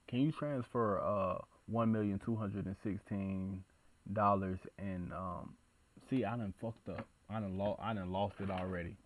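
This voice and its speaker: A man with a fairly low voice talking casually through a reaction video. He swears freely, gets excited, and stumbles over big numbers while muttering to himself.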